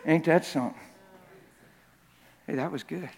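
Male preacher, high voice, emphatic and repetitive delivery with shouted peaks; long church-hall reverb. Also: measured pace, gravelly, slight background noise. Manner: emphatic, repeats words for effect, rises to shouting at climaxes; jokes with the crowd. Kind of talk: sermon.

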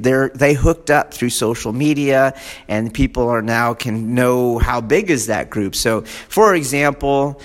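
Slow-talking man in a reverberant hall. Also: medium pitch. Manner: digressive, keeps checking in with "do you see?"; animated when acting out fan excitement. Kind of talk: rambling casual lecture. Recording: long reverb of a large hall.

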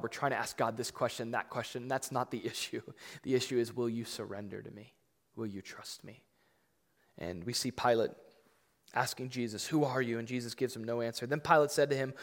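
A man preaching a sermon, conversational but emphatic, acting out scripture readings with rising intensity. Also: mid-range voice. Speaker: pastor. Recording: long reverb of a large hall.

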